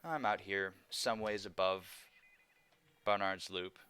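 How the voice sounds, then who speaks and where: A man in his thirties chatting casually on a live stream, animated and laughing often with nerdy enthusiasm. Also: low voice, slow pace, clean tone.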